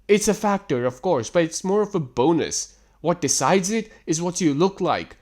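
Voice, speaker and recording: A man ranting through a reaction commentary with exasperated sarcasm and frequent swearing. His fairly high voice leaps up and down in lively swings as he questions and scolds. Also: moderate pace. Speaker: host reacting to text screenshots.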